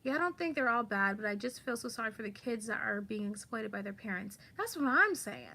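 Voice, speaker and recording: A woman's voice: a little high, animated, brisk, pushed and bright. A woman hosting a casual livestream, chatting about online drama and reading viewer comments aloud.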